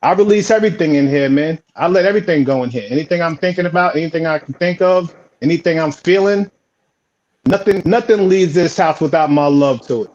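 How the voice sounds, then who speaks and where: A man's voice: fairly high pitch, brisk, a little mellow. A man with a New York accent, a home baker and guest, telling his story casually and stammering a bit at the start of phrases. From Philadelphia, raised on Staten Island. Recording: dull lo-fi audio.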